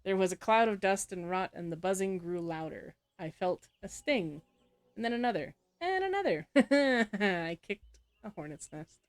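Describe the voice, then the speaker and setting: Low-voiced woman reading game text aloud. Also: a little slow, smooth. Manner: frequent laughs and self-corrections while reading. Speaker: game player.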